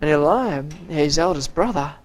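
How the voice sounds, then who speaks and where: A teacher's lively intonation carries an interactive Bible story lesson pitched in the middle of the range. Speech is halting, with repeated words and questions thrown to the listeners, plus quoted voices for the characters.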